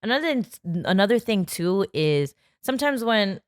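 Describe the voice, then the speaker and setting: Animated woman in her thirties, dry sound. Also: medium pitch, normal speed, no room sound. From New York, Bronx. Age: 30s. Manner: animated storytelling, acts out quotes. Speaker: guest comedian. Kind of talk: casual podcast chat.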